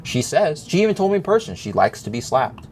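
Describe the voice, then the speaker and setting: A man recounts a personal story to camera in a loose, rambling monologue. His pitch swings widely as he talks, and he keeps checking in with his listeners. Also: very animated, brisk, a little mellow, slight background noise. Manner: rambling, talks straight to viewers with many fillers and "right?" checks.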